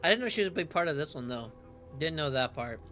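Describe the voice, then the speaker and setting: A man's voice: fairly high pitch, expressive, sharp tone. A young man giving casual, rambling commentary as he reacts to a story game, often hedging with filler phrases. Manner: rambling, hedging with "kinda like", quick to laugh. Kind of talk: casual let's-play commentary.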